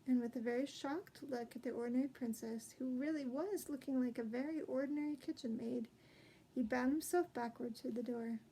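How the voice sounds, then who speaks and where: A woman reading a children's novel aloud, gentle and expressive, with small slips and restarts. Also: high voice, normal speed, husky, poor audio. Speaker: storybook reader.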